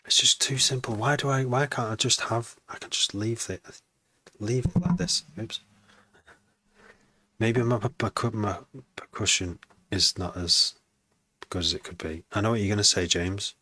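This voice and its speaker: A man's voice: on the low side, moderate pace, pushed and bright, slight background noise. A man with a slight Wrexham accent, talking to himself while producing music, musing aloud with wry asides and many restarts. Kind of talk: casual self-talk while making music.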